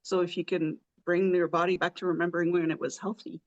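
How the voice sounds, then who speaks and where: A woman's voice: on the low side, little pitch movement, fast, lo-fi sound. A woman hosting a podcast in casual chat, chatty and often laughing as she talks. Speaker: podcast host.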